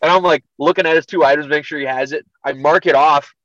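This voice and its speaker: A young man guesting on a podcast, telling a profane story in an animated, laid-back way. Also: a little high, fast talker, no room sound, dull audio. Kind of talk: casual storytelling.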